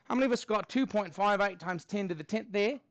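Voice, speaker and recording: A man teaching a math class, upbeat, counting steps aloud and thinking out loud as he works problems with students. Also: high-pitched, quick pace, dry recording. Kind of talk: live class review lesson.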